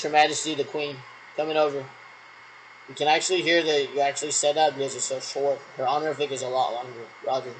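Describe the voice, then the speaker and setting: This vlogger's medium-pitched voice comes through poor audio with some slight background noise. Alone, he role-plays radio checks with imagined callers, rambling and falling back on "actually" over and over.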